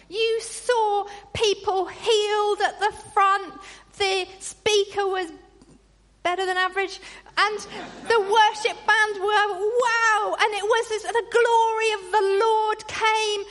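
Animated woman preaching in a reverberant hall. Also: extremely high pitch. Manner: animated, acts out grumbling voices. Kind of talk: sermon. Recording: long reverb in a large hall.

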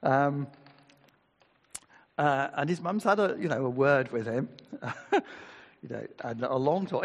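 A man's voice: medium pitch, in a large hall. An older man preaching a sermon in a chatty way, reading scripture aloud and asking his listeners rhetorical questions.

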